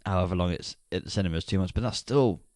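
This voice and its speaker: A man's voice: deep voice, fast, a little mellow, no echo, clean studio sound. A man in his thirties co-hosting a podcast, chatty and rambling, laughing often. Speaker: podcast co-host. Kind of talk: casual podcast chat.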